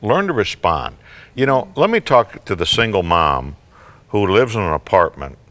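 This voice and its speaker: Animated older man, low voice. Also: moderate pace. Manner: folksy, animated, joking. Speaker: psychologist guest. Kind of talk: talk show advice.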